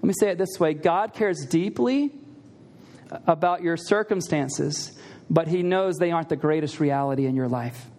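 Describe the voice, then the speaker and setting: A man's voice: on the high side, normal speed, a little mellow. A man preaching a sermon in a conversational way, asking the listeners rhetorical questions and repeating key lines for emphasis. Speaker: pastor.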